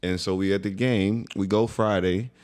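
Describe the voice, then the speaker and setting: A man's voice: low voice, fairly even intonation, normal speed, a little mellow. A young American man co-hosting a podcast, telling a story in a laid-back, slangy, conversational way. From USA. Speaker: podcast co-host. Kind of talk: casual storytelling chat.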